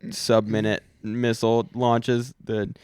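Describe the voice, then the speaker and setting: A man's voice: medium pitch, completely flat delivery, slow, a little mellow, clean tone, no room sound. A young man co-hosting a podcast, rambling and joking in casual chat, often trailing off and restarting. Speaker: podcast co-host.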